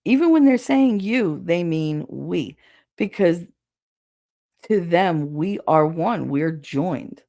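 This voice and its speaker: A woman host chatting casually and bluntly with viewers, swearing freely, her throat raw and hoarse. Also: on the low side, lively intonation, slow pace, dark tone. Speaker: show host reading viewer comments. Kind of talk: casual solo livestream chat.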